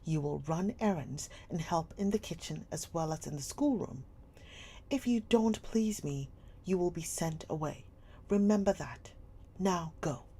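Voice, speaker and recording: A woman's voice: lowish voice, lively intonation, unhurried, breathy edge, full character voice. A woman doing a cold, stern schoolmistress. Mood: commanding. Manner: stern, sharp, scolding. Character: cold domineering schoolmistress, middle-aged woman.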